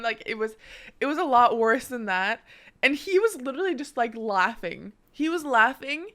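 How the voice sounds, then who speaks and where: Woman, twenties, from Norway, high voice, casual storytelling, profane, animated. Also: normal speed. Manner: animated, profane, laughs often. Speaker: streamer.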